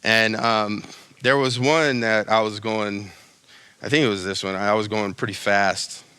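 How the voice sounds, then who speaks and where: A young adult man preaching a sermon in a casual, animated way, with slangy asides and quick acted-out lines. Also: fairly low pitch, smooth, no echo. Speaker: pastor.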